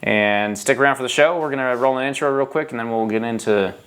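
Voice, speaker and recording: A man's voice: medium pitch, fast, fairly bright tone. Guy hosting a bike podcast, rambly and chatty, keeps restarting sentences. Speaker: podcast host. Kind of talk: casual podcast chat.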